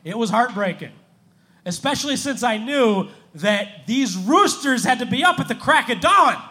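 A man doing stand-up with deadpan, dry one-liners and pauses. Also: very high-pitched. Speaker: stand-up comedian. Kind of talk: stand-up comedy.

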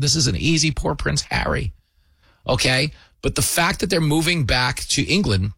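A man's voice: mid-range voice, bright, forceful tone, slightly rough, no echo. A man hosting a show, delivering a sarcastic, mocking comedy monologue.

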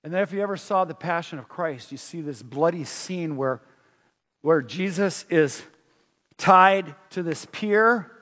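Emphatic male preacher, high-pitched, sermon ringing through a large hall. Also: a little slow. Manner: animated, emphatic, many restarts.

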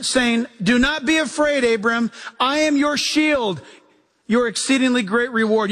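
A male pastor preaching a lively sermon, acting out quoted voices and chuckling as he goes. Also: extremely high pitch.

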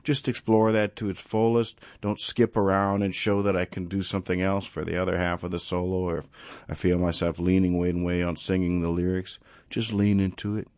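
A man musician talking casually in an interview, reflective and rambling, thinking out loud about his playing and singing. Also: low voice, flat delivery, brisk, no echo. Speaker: musician guest.

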